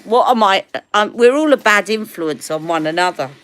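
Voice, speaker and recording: A woman's voice: mid-range voice, a bit bright. A woman with a British accent hosting a casual beauty live stream, chatty and rambling, often laughing.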